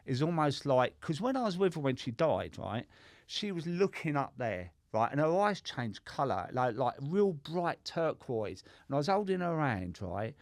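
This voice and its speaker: A man's voice: a little high, sing-song, moderate pace, no echo, studio quality. A middle-aged man, a guest on a podcast, telling his story in a chatty, sweary way and often asking "right?". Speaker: sobriety coach and podcast guest. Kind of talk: casual conversational storytelling.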